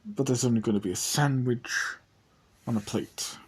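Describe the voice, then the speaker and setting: Husky young man telling a story. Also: mid-range voice, a little mellow. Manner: rambling, halting, acts out his own character's lines. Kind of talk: casual first-person story narration.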